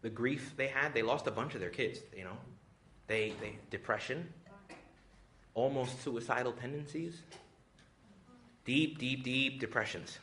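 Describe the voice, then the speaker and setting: A man, a priest, giving a retreat talk, joking and lively, often acting out little voices. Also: mid-range voice, measured pace, long pauses, a little hiss or hum. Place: retreat hall with audience.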